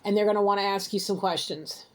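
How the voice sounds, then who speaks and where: A woman's voice: mid-range voice, fairly even intonation, fast talker. A woman giving an intuitive tarot reading to camera from home, talking in a heated, scolding, exasperated way. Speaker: intuitive reader. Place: home, alone with pets.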